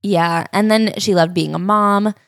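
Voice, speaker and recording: A woman's voice: medium pitch, fairly even intonation, a little slow, vocal fry, dry recording. Female co-host, plain matter-of-fact delivery, dry close recording. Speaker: podcast co-host. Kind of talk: casual book discussion.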